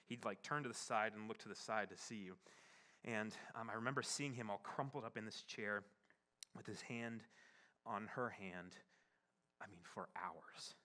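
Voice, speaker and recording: A young adult man, a pastor, telling a personal story in a sermon, halting and full of fillers, turning hushed as it grows tender. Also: lowish voice. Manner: halting, many fillers, shifts from playful to hushed and tearful.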